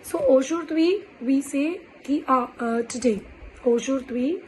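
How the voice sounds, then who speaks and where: A woman teaching French in an online lesson, speaking deliberately and repeating words with many fillers. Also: sits high, expressive, slight background noise, rough recording.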